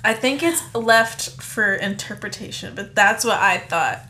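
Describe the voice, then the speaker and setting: A woman's voice: medium pitch, a little slow, pushed and bright. A woman co-hosting a podcast in casual chat, talking loosely with lots of fillers and frequent laughs. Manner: chatty, laughs often, many fillers. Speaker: podcast co-host.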